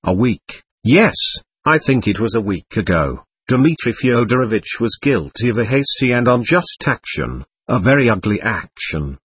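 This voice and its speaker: A man's voice: mid-range voice, big pitch swings, moderate pace, hardly any pauses, breathy edge. Man voicing a flustered proud young lady. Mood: agitated. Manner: formal, flustered, indignant. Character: proud agitated young woman of society.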